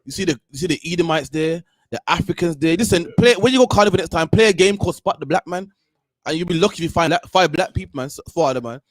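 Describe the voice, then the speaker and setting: Fast, heated man ranting. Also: a little high, no echo, studio quality. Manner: animated, heated, keeps tagging "man". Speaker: podcast host. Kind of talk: ranting casual commentary.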